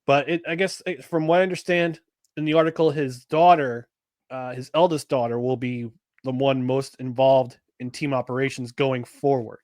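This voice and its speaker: A man's voice: mid-range voice, steady tone, moderate pace, a little mellow, no echo, studio quality. A man co-hosting a casual podcast, rambling with many restarts and fillers. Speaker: podcast co-host.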